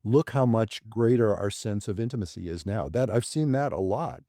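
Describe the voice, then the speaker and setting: Male psychologist guest, mellow and low, measured delivery, dry close sound. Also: no echo. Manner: thoughtful, measured, gently laughing. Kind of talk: conversational interview.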